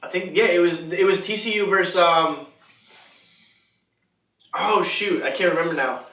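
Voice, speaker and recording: A man's voice: sits high, moderate pace, fairly bright tone. A man co-hosting a casual sports podcast, rambling and joking, laughing often. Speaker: podcast co-host. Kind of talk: casual chat. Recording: echoey room, mic at a distance.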